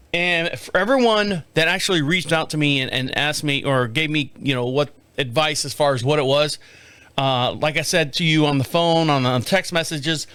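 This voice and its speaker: A middle-aged man talks through a casual podcast monologue in a bright voice that sits high for a man. He rambles from story to story with animated energy and often mimics other people. The sound is dry and close to the mic, with no room around it. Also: smooth, dry recording. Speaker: podcast host. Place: home studio.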